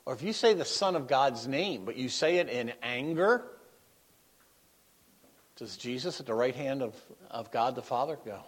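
A middle-aged man giving a sermon in a conversational, anecdotal way, laughing at his own stories and swinging between emphatic bursts and quiet asides. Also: medium pitch, expressive, normal speed. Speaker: guest preacher.

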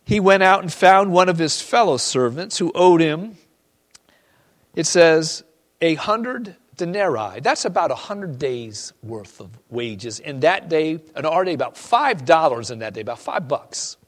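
A male pastor preaching a sermon to a congregation, reading scripture and moving between loud emphasis and quiet, personal asides. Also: fairly high pitch, lively intonation, a little slow.

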